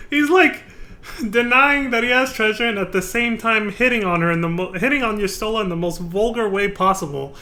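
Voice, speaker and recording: A young man streaming a game, excitable and swearing freely, laughing often. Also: high-pitched, a little fast. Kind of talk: casual live-stream commentary while playing.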